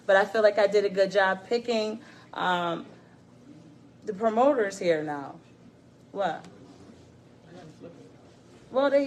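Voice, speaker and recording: A woman hosting a podcast on a live stream, talking casually in a brash, profane way while hyping the show. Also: mid-range voice. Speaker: podcast host. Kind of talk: casual livestream talk. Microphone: phone or camera on a live stream.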